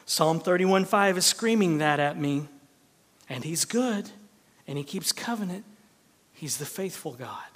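A man preaching a sermon as pastor, animated and swinging from loud emphasis to hushed near-whispers. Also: on the high side, a little slow. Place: church sanctuary. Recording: long reverb of a large church hall.

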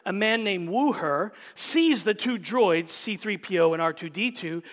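Pastor preaching with hushed whispered asides. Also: male voice, high voice, animated, a little slow, hardly any pauses, in a large hall. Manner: dramatic shifts to hushed, whispered emphasis. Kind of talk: sermon.

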